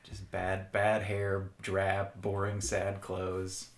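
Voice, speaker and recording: A man's voice: deep voice, monotone, drawn-out words, reverberant. A man co-hosting a podcast, reviewing a movie in casual chat with a wry, sarcastic manner and frequent laughs. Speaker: podcast co-host.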